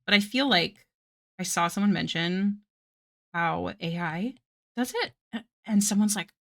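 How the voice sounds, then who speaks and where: Somewhat low, creaky, and fairly bright, this woman speaks at a measured pace. She's an art streamer chatting casually while she draws, wandering off on tangents, talking to live viewers, and using plenty of fillers and soft giggles.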